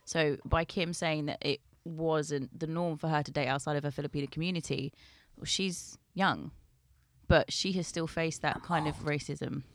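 A woman's voice: deep voice, steady tone, normal speed, no echo, studio quality. A woman hosting a casual podcast chat, posing questions and explaining the thinking behind them. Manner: leading, explains her questions.

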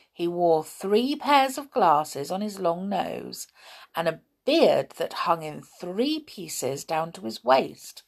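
A woman reading a children's story aloud, expressive, with dramatic hushes and gasps. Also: fairly low pitch.

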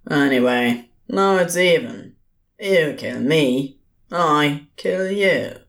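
A man voicing a bored, gleeful male ghost in a fan audio drama, slow and teasing. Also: on the high side, lively intonation, gravelly, a bit bright, exaggerated voice. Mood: flippant. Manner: flippant, teasing. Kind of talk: podfic voice acting.

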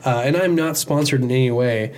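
A man co-hosting a relaxed movie chat, talking at an ordinary middle pitch. He rambles, stops to restart his thoughts, and leans on fillers while he searches for what to say next. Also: brisk.

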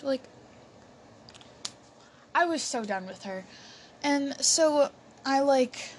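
A young woman telling a personal story in a chatty way, with many fillers and restarts. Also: a little high. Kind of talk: casual storytelling. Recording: faint background noise.

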